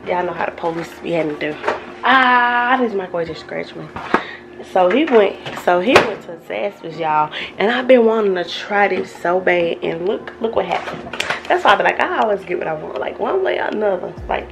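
A woman's voice: fairly low pitch, moderate pace, creaky. A woman, chatting casually to the camera about her morning as a family vlogger. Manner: chatty, relaxed, talking to viewers as y'all. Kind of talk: casual vlog chat to camera. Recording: noisy background.

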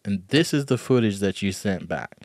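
A man's voice: on the low side, expressive, normal speed, a little mellow, dry recording, clean studio sound. A man co-hosting a podcast, reacting to news clips with sarcastic disbelief and frequent laughter. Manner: sarcastic, incredulous, laughs often. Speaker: podcast co-host.

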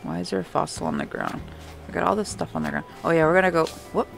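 With a lowish, creaky voice and wildly swooping pitch, this young woman talks fast as she streams her gameplay. She comments casually, talks to the game characters and laughs a lot while faint music plays behind her.

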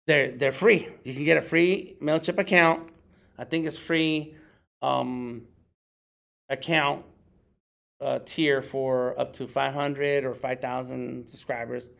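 A man's voice: creaky, fairly bright tone. A middle-aged man, a working artist, giving a casual workshop talk and acting out other people in jokey voices. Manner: conversational, acts out others in high jokey voices.

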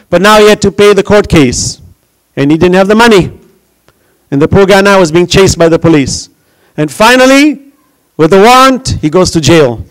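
A man's voice: high voice, low-quality recording. A man who grew up in New York, giving an impassioned Ramadan religious lecture full of rhetorical questions.

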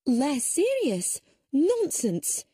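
A woman's voice: mid-range voice, animated, measured pace, warm tone, breathy edge, no echo, studio quality, pitched above the performer's own voice. A woman voicing a forthright older woman who speaks bluntly and emphatically, with some impatience. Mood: indignant.

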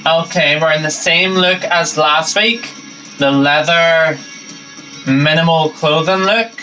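A man's voice: fairly high pitch, fairly even intonation, slow, dull audio. A man hosting a reaction channel, giving upbeat, enthusiastic commentary on a concert performance. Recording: concert music playing loud behind. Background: music.

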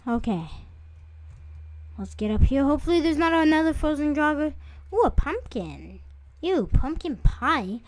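A young woman with a fairly high voice gives casual commentary over her own gameplay. She chats to her viewers, rambles, and breaks into startled squeals at sudden scares. The sound is dry and close, with no room around it. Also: very animated, unhurried, long pauses, no room sound. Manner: chatty, jumpy, easily startled, with sudden squeals. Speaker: gaming video creator. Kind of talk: casual let's-play commentary.

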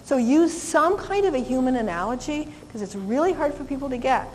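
A woman's voice: high-pitched, animated, brisk, a little hiss or hum. Cheerful woman dog trainer in a hall. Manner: cheerful, talks to the dog in a sweet voice. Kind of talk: live training seminar demonstration.

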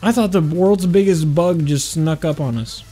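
A man's voice: a little high, moderate pace, warm tone, soft background music. A man giving casual, rambling commentary while playing a video game, joking and often stopping himself with "hold on". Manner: rambling, jokey, keeps saying "hold on". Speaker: gaming channel host.

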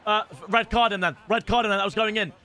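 A young British man streaming a football game, chatting with viewers and swearing in loud outbursts. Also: high-pitched, steady tone, fast, clean tone, faint music behind. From Britain. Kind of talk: casual game stream chat.

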